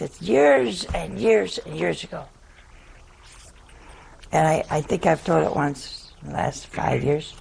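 Older woman, a nun, spinning unhurried self-mocking anecdotes in a gravelly voice. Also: on the low side, darkish tone, slight background noise. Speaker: nun giving a talk. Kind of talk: humorous storytelling talk.

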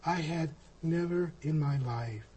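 A man telling a personal story of his spiritual experience, halting and reflective, with frequent pauses and restarts. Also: fairly high pitch, warm tone, husky. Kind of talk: personal testimony.

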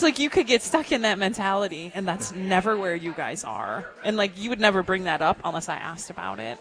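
A woman's voice: mid-range voice, lively intonation, quick pace, hardly any pauses, fairly bright tone. A woman hosting a talk radio interview, gushing and chatty with lots of fillers. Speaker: radio show host.

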